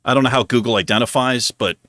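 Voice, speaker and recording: A man's voice: mid-range voice, fast, no room sound, clean studio sound. A man hosting a livestream in a casual chat, self-mocking and chuckling often as he fumbles over pronunciations. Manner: animated, struggling over pronunciation. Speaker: livestream host.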